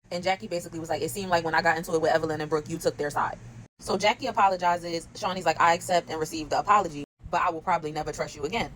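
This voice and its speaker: A woman rattles off a reality TV recap at a rapid clip, chatty and laughing as she retells what cast members said. Her voice sits low. A faint noise hangs under the recording. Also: rough recording. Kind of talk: casual recap commentary.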